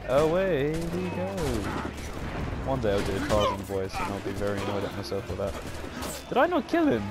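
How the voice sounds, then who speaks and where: Sweary young gamer. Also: male voice, medium pitch. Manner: sweary, sarcastic, excitable. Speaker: gaming channel host. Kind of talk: casual game commentary. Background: game music.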